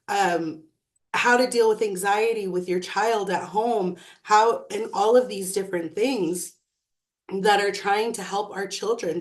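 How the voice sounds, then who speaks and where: A woman in her thirties, a mother, giving an earnest, measured personal talk with thoughtful pauses. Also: medium pitch. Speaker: mother and emotional wellness speaker.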